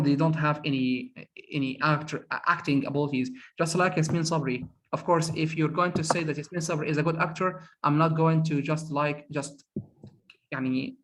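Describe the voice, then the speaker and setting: A man's voice: fairly high pitch, a bit bright. A man teaching an English conversation class, speaking emphatically, repeating words and saying "of course" often. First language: Arabic. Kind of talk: classroom discussion.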